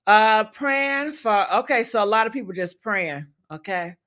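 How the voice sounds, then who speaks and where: Woman streamer going off to chat, super bright voice, cussing and blunt. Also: medium pitch, animated, unhurried. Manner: blunt, profane, talks to chat. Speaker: livestream host. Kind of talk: livestream commentary.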